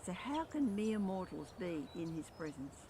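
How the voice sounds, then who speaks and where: Male lay preacher, earnest sermon delivery, slightly high voice, noisy recording. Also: very animated, normal speed. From Australia. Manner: earnest, reads scripture aloud with rising emphasis. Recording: noisy background.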